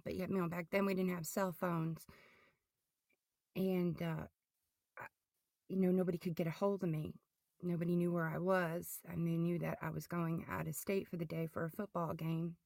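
Middle-aged woman, podcast guest, personal testimony, halting and repeating herself, gravelly low voice. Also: level tone, a little mellow, dry recording, clean studio sound. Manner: halting, restarts and repeats words.

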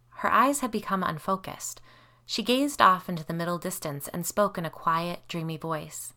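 A woman narrates a first-person tale with a crisp, bright tone sitting a little low in pitch. She reads in an expressive, lively way and gives each line of dialogue its own shading. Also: moderate pace. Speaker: audiobook narrator.

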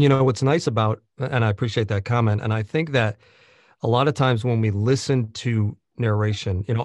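A man's voice: lowish voice, no room sound. A man who narrates audiobooks, talking through his craft in a conversational interview, thoughtful and full of restarts and fillers.

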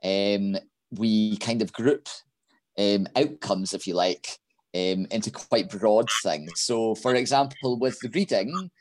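A Scottish man, a primary school teacher, talking as a guest in a podcast interview, friendly and quick to laugh, with many ums as he explains. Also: lowish voice, darkish tone. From Scotland.

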